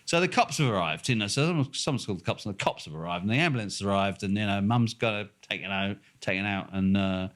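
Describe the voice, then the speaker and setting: A man's voice: lowish voice, fast talker, hardly any pauses, a bit bright. An older man with a Norfolk accent, co-hosting a casual chat and telling a long anecdote, swearing freely and laughing as he acts out the voices of people in the story. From England. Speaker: podcast co-host.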